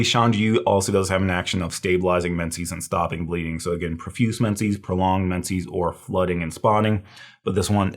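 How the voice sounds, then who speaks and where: A man lecturing on herbal medicine in a casual, thinking-aloud way, with fillers and restarts. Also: low voice. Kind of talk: recorded review lecture.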